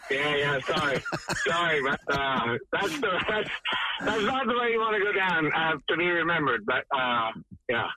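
A man telling an animated, laughing golf story as a guest. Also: fairly high pitch, moderate pace, heavy background noise. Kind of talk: casual storytelling.

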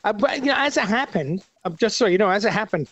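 Older aussie guest musician, fast, high-pitched, rambling restarts, dry sound. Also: male voice, lively intonation, fairly bright tone, no echo. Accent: Australian. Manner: eager, rambling, many restarts. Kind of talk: radio interview chat.

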